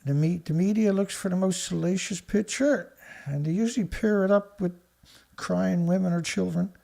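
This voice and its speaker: A man's voice: sits high, moderate pace, gravelly, mellow. A man from Canada hosting a live-stream news show, talking casually in a sarcastic, rambling way and scoffing at headlines.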